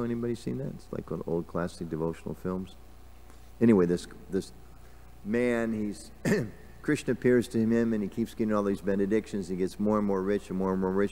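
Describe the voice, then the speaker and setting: A man's voice: on the low side, darkish tone. A man giving a casual scripture class in a temple, talking conversationally with lots of fillers and questions to the audience. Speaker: class speaker. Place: temple hall.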